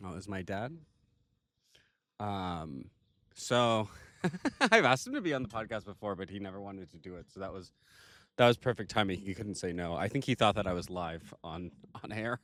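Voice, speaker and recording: A man hosting a podcast in casual chat, playful and quick to laugh, recording while driving around. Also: deep voice, expressive, a bit bright. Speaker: podcast host. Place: in a car and outdoors, recording on the go.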